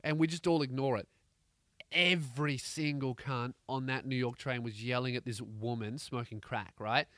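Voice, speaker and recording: A man with an Australian accent, a comedian hosting a podcast, telling a profane, rambling story with animated energy. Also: medium pitch, normal speed, no room sound, studio quality. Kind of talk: comedic rant.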